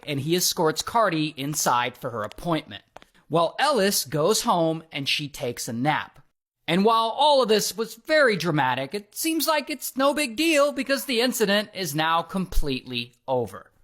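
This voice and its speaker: A man narrating a story in a casual, wry way, with dramatic pauses and amused asides. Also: a little high, a bit bright.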